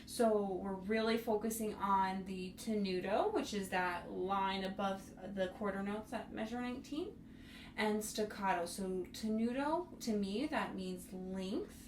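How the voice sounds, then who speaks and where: A woman's voice: mid-range voice, unhurried. Woman music instructor, encouraging with students, recorded at a distance in a roomy space. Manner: sings rhythms on syllables to demonstrate; encouraging, speaks to young students. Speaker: bassoon instructor. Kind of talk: music tutorial. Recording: roomy, mic at a distance, faint noise.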